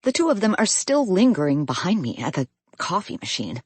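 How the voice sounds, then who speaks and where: A woman reading a first-person audiobook in an intimate, expressive storytelling manner. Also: fairly low pitch, a little fast, slightly rough, no echo. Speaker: audiobook narrator.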